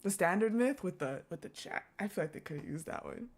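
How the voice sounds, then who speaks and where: A woman's voice: lowish voice, animated, fairly quick. A woman streamer reading a game story aloud, breaking off to laugh, swear and react. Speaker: gaming streamer.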